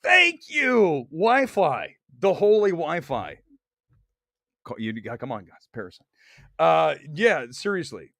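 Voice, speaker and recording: A man chats on his movie live stream, loud and joking. His voice swings widely and sits a little high. It sounds dry and close, with no room around it. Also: slow, creaky, dry recording. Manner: loud, excitable, jokey rants. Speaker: host. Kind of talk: casual live-stream chat. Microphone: desk mic.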